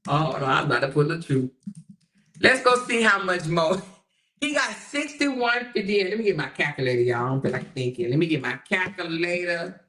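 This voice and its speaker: A woman's voice: lowish voice, very animated, a little fast, fairly bright tone. A woman hosting a casual livestream, laughing often and mocking as she talks straight to her viewers. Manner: does sums and reads aloud while talking. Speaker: livestream host.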